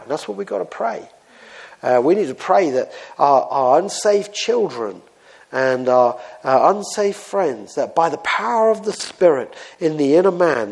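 Man preaching in a chatty way. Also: on the high side. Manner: conversational, anecdotal preaching with frequent fillers. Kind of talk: sermon.

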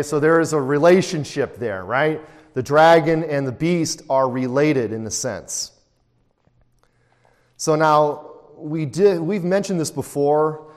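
A man's voice: fairly high pitch, in a large hall. A man teaching a Bible study lecture in a conversational way, often putting rhetorical questions to his listeners.

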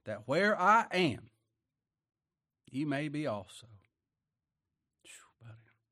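A man preaching a sermon, swinging from quiet asides to loud emphatic bursts, with folksy talk and chuckles. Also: on the high side, very animated, slow pace, no echo, studio quality.

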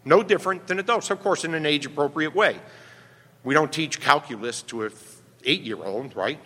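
A man's voice: fairly high pitch, moderate pace, sharp tone. Emphatic preacher man in a reverberant hall. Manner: emphatic, asks "right?" often. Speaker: pastor. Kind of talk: sermon.

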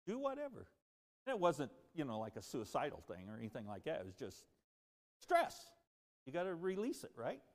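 A man preaching a sermon as pastor, earnest and animated, rising and dropping as he speaks. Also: high-pitched, big-room sound. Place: church sanctuary.

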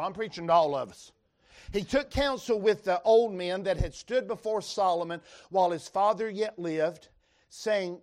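A man's voice: sits high, moderate pace. A man with a Western North Carolina accent preaching a sermon in a folksy, emphatic way, reading scripture aloud to the congregation. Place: church revival service.

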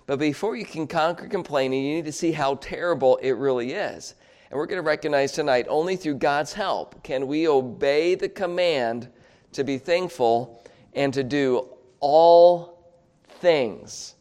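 A man's voice: fairly high pitch, darkish tone. A man preaching a sermon, chuckling often between points and getting the congregation to repeat words aloud with him.

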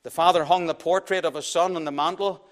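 A man preaching a sermon in a church, telling a story dramatically and swinging between loud and hushed delivery. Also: on the high side, fairly even intonation, fast.

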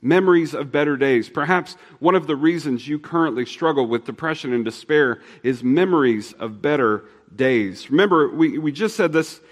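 A man's voice: on the high side, expressive, long reverb tail. Earnest man preaching a sermon. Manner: earnest, shifts between fast and slow, drops soft for emphasis. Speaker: pastor.

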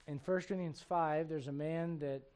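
A man preaching a sermon as pastor, firing rhetorical questions at the congregation and acting out the voices he quotes, swinging from loud emphasis to quiet asides. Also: fairly high pitch, steady tone, normal speed, clean tone.

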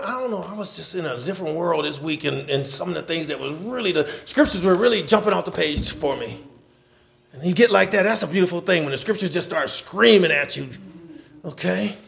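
A male pastor preaching a sermon, swinging from loud shouting to quiet asides, with colloquial talk and lots of repeated words. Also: very high-pitched, creaky.

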